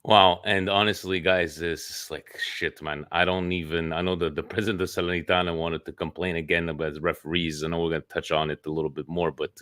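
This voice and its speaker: A man with a low voice talks football on a podcast, animated and quick to swear. The sound is dry and close, with little room to it. He keeps the chat loose and casual. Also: no echo. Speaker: podcast co-host. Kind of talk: casual sports talk.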